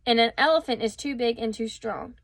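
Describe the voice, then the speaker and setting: A woman voicing a sly, smug male cat who drawls in a smooth, silky voice. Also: on the high side, a little fast, no room sound, clean studio sound, natural voice.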